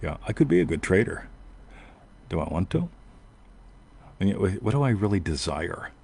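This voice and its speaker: A man's voice: low voice, very animated, moderate pace, gravelly, darkish tone, husky. A man hosting a show, telling a long personal story in a rambling casual way and often asking "right?". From United States. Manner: rambling, self-interrupting, frequent "right?". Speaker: podcast host.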